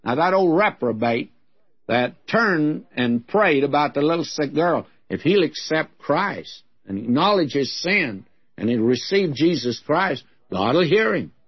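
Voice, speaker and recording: Husky-voiced man preaching a folksy sermon. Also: a little high, sing-song, unhurried, lo-fi sound. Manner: folksy, frank, conversational preaching. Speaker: Bible teacher.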